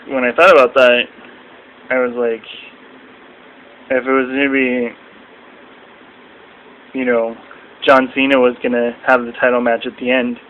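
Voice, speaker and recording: A young man in a casual, rambling video review at home, now and then mimicking people in shrill voices. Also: phone-quality sound, slight background noise. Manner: rambling, acts out quotes in shrill mocking voices. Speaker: vlogger reviewing wrestling.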